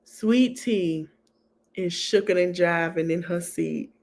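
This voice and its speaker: A woman hosting a podcast, recapping a reality TV reunion in a sassy, animated gossip style that keeps breaking into laughter. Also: lowish voice, slow, gravelly. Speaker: podcast host.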